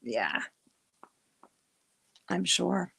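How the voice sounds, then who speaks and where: A middle-aged woman talks to her livestream viewers in a loose, rambling way. Her words often stop and start again. Her speech is unhurried, with a gravelly edge to her voice. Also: lowish voice, big pitch swings, bright, forceful tone. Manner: chatty, rambling, frequent restarts. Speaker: livestream host. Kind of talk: casual livestream chat with chat readers.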